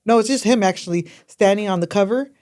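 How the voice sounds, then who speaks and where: Speaking quickly in a medium-pitched, slightly mellow voice, a woman co-hosts a casual podcast chat. She is playful and teasing, laughs often, and has a slight lisp.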